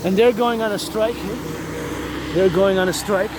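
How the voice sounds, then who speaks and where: A man's voice: sits high, steady tone, unhurried, background noise. A man, rambling and repeating himself as he vlogs while walking outdoors up a mountain in the rain, now and then breaking into chants. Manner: rambling, repetitive, chants in bursts. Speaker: vlogger.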